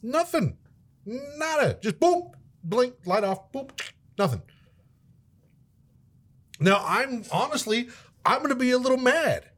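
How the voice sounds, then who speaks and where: A man in casual chat, ranting with profanity and sudden loud outbursts. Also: very high voice, very animated, takes it slowly, long pauses.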